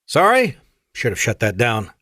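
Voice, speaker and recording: A man voicing an ancient, courteous alien admiral with an Afrikaans-tinged accent and formal, measured speech. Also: medium pitch, huge pitch swings, pushed and bright, dry recording, studio quality.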